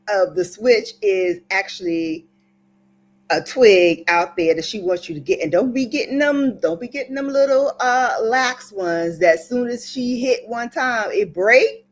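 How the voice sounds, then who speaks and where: A woman from Brooklyn telling a playful, dramatic story to her viewers in a casual vlog. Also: medium pitch. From Brooklyn, New York. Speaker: beauty vlogger.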